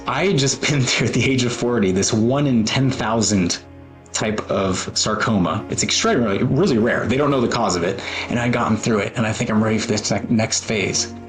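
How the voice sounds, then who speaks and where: A man in his forties telling a personal story in an earnest, emotional way, with pauses and fillers. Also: on the low side, faint music behind. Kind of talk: personal talk with photos.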